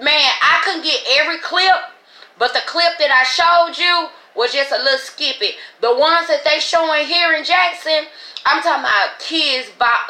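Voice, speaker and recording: A woman's voice: high voice, pushed and bright, roomy sound, low-quality recording. A woman hosting a podcast, giving emotional, profane, emphatic commentary. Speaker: podcast host. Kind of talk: casual commentary.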